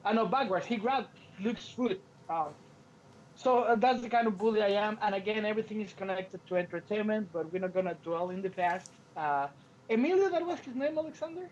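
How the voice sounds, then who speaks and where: Animated storytelling man, lo-fi sound. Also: sits high, brisk, slight background noise. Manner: animated storyteller, acts out quotes, frequent restarts. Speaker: podcast co-host. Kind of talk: casual podcast chat. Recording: lo-fi podcast audio.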